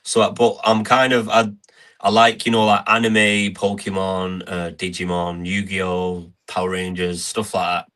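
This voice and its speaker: A young man, a wrestler guest on a podcast, chatting in an easygoing, halting way. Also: low-pitched, monotone, fairly bright tone. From England. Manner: easygoing, halting, with many restarts. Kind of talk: casual chat.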